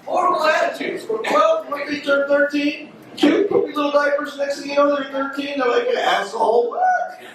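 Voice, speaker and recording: A loud, teasing male stand-up comedian on a club stage, his voice sitting unusually high. The recording is distant and heavily echoey, with noticeable background noise and audience laughter. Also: flat delivery, moderate pace.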